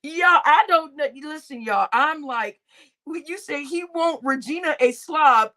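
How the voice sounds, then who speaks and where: High, animated woman gossiping on a livestream. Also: unhurried. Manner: animated, laughing often, loud exclamations. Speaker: livestream host. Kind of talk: casual gossip chat.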